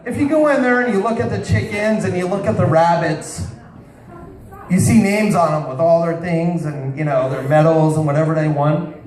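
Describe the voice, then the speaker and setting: A man's voice: on the high side, normal speed, a little mellow. A man doing a crude stand-up set in a bar, telling stories and calling out to people in the crowd. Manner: crude, storytelling, talks to the crowd. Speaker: stand-up comedian. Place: bar with live audience. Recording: roomy bar sound, distant mic, crowd noise.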